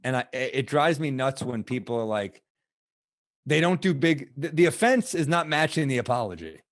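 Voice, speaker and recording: A man's voice: medium pitch, lively intonation, moderate pace. A man co-hosting a casual comedy chat, riffing in a wry, offhand way and swearing often. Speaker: comedian podcast co-host.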